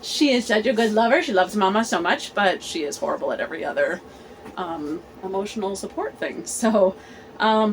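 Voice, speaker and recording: A woman in her forties hosting a candid personal vlog, talking earnestly and haltingly with many fillers and restarts. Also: mid-range voice, a little hiss or hum, poor audio. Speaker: host.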